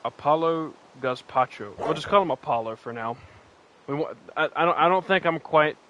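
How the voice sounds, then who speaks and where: A man's voice: a little high, moderate pace, background noise. A man streaming a game in casual chat, rambling, laughing often and answering his chat. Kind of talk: casual chat while playing and reading chat.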